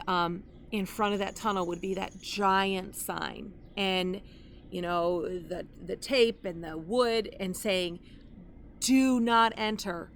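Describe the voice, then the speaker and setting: A woman's voice: medium pitch, a bit bright, a little hiss or hum. A woman, a grandmother in her fifties or older, teaching the Bible online in an earnest, conversational way with personal asides.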